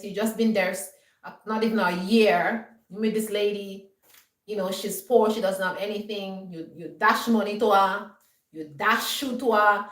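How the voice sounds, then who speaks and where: A woman's voice: mid-range voice, echoey room, distant mic, low-quality recording. A woman vlogger giving an emphatic, scolding monologue and often checking that her viewers understand. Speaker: homestead vlogger. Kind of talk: lecturing monologue.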